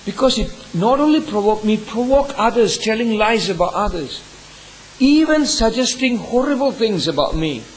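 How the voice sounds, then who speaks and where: A man's voice: lively intonation, moderate pace, a little hiss or hum, low-quality recording. A man, a pastor, tells a personal story in a sermon, earnest and emotional, sometimes lifting his voice sharply. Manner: earnest, emotional storytelling with sudden rises in pitch.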